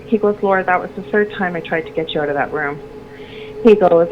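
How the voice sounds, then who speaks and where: A middle-aged woman with a lowish voice talks fast as a radio guest, telling a personal story. She rambles, restarts her sentences, and gets animated when quoting others. The recording is lo-fi with noticeable background noise.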